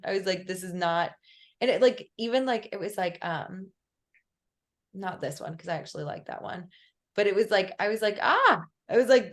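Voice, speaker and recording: A woman's voice: mid-range voice, animated, moderate pace. A young woman coaching a client on a call, chatty and full of fillers. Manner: chatty, filler-heavy, lots of "like". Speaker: business coach.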